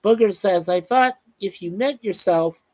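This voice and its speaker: A man's voice: sits high, measured pace, a little mellow, dry recording. A man hosting a casual live stream, reading out viewer comments in a chatty, upbeat way. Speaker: show host.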